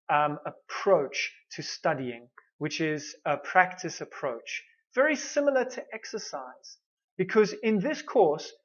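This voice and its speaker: A man with a high voice leads an online pronunciation lesson, encouraging his students and checking in with "okay" after each point. The audio is dull and lo-fi. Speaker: pronunciation teacher. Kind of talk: online course lecture.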